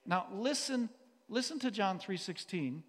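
A man with a high voice preaches a sermon in a hall. He speaks with passion, with sudden loud outbursts that give way to quiet, earnest passages. The hall's long reverb trails after his words. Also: animated, a little slow, slightly rough. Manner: impassioned, shifts between loud outbursts and quiet earnest stretches. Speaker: teacher and pastor. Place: church or hall.

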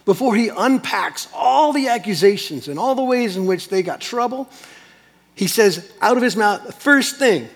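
Male pastor, emphatic sermon delivery, slightly high voice, long hall reverb. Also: expressive, normal speed. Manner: emphatic, swinging from loud to hushed.

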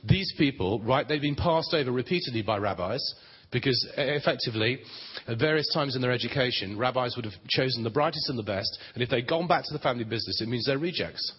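A man speaking on prayer ministry at a Christian conference talks fast, with lively intonation and a breathy edge to his mid-range voice. His teaching is plain and conversational with dry humor, recorded dull and reverberant in a large conference hall.

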